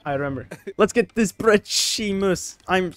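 A man's voice: sits high, expressive, moderate pace, a bit bright, dry recording. A man streaming a video game with casual commentary, giggling often and poking fun at himself. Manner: giggly and self-mocking, laughs often.

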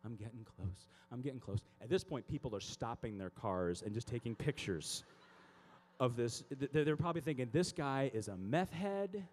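A man speaking at a youth conference, telling comic stories and acting out scenes in an animated way. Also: medium pitch, normal speed.

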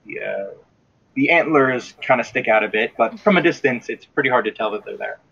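Aussie guy dming a tabletop game, husky voice, lots of uh's, muffled lo-fi stream audio. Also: mid-range voice, lively intonation, brisk. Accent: Australian. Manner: hesitant, with many uh fillers while describing scenes. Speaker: game master.

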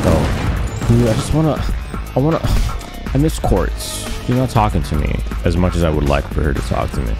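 A man's voice: low-pitched, very animated, a little fast, gravelly. A man giving casual, joking commentary while playing a game, trash-talking enemies in slang. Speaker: let's play gamer. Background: game music and gunfire.

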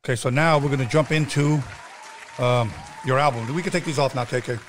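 A man hosts a call-in radio interview with a quick, brisk delivery. His voice sits in a middle pitch, and he keeps a joking tone. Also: a crowd in the background, background noise. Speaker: host.

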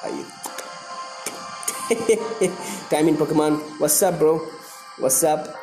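Excitable man hosting a live stream. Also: on the high side, moderate pace, music in the background. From India. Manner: excitable, greets viewers by name, repeats himself. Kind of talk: live-stream chat with viewers.

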